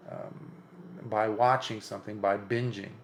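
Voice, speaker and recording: A man's voice: lowish voice, steady tone, unhurried, a little hiss or hum. A Buddhist monk giving an impromptu dharma talk, earnest and emphatic, lifting his voice on repeated points and often restarting his sentences.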